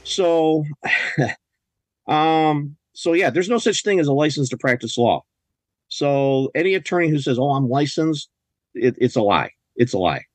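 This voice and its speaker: A man's voice: fairly high pitch, animated, unhurried, dry recording. A man talking as a podcast guest, telling stories in an emphatic, indignant way with many restarts. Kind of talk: casual conversational storytelling. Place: lives in a US state.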